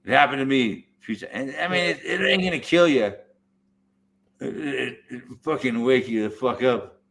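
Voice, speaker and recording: A man in casual chat, telling a rambling story, swearing heavily and talking with animated energy. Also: medium pitch, normal speed, a little hiss or hum. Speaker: podcast host.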